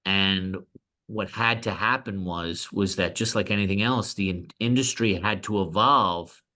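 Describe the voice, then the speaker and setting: Middle-aged New man, insurance broker guest, bright, crisp tone; lively anecdotes, acts out the people he quotes. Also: sits low, measured pace. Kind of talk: storytelling in a podcast interview.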